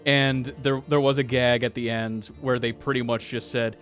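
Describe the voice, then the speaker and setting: A man's voice: mid-range voice, little pitch movement, normal speed, hardly any pauses, fairly bright tone, soft background music. A man streaming a role-playing game, chatting casually with viewers, laughing often and reading dialogue aloud. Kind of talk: casual game commentary with chat.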